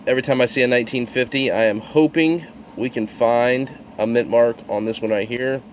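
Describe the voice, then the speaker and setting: A man's voice: mid-range voice, steady tone, a little fast, slight background noise. A man narrating his coin roll hunt with thrilled exclamations to his viewers. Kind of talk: excited hobby video narration.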